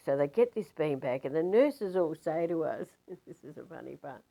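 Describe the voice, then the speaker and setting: An older woman, a spiritual teacher telling a story casually in a rambling, animated way with many fillers. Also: low voice, a little slow, few pauses, low-quality recording.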